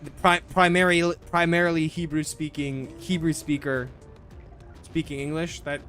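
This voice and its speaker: A man's voice: on the high side, flat delivery, normal speed, fairly bright tone, soft background music. A young man streaming a game, rambling casually with lots of swearing, restarts and "bro". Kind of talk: casual gameplay commentary.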